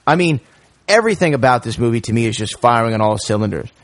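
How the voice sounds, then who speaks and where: A man hosting a casual film review chat, retelling scenes in an animated way with many fillers. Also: medium pitch, fast talker, a little hiss or hum. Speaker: podcast host.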